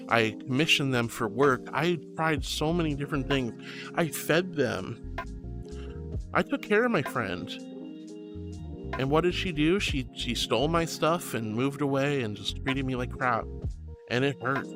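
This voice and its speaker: A man streaming as a VTuber, chatting casually with viewers and reading their messages. He talks in a soft, affectionate way, calls listeners honey and sweetie, and turns earnest and comforting when he consoles them. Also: mid-range voice. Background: faint background music.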